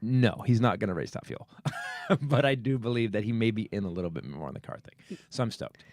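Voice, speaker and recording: Animated middle-aged male comedy podcast host. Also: lowish voice, brisk, no room sound, studio quality. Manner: animated, acts out other people's voices, swears casually. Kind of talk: comedic storytelling chat. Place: podcast studio.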